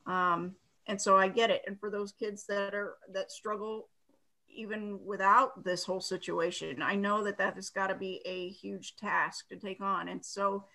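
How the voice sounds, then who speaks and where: A woman on a school board, also a parent, giving sympathetic, measured comments at a meeting. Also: mid-range voice, flat delivery, pushed and bright, rough recording.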